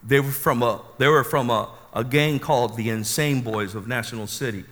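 Bright-voiced man telling a dramatic testimony. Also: medium pitch, moderate pace. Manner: animated, dramatic storyteller. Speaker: preacher giving his testimony. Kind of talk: sermon testimony storytelling. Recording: long hall reverb.

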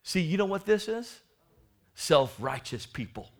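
A man preaching a sermon to his congregation, swinging from hushed asides to loud, stretched-out shouts as he acts out the Bible story. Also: sits high, big pitch swings, unhurried.

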